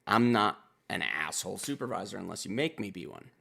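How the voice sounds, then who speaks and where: Male reaction host from Wisconsin, husky and laid-back, loose profane commentary. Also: low-pitched, sing-song, brisk, bright, forceful tone.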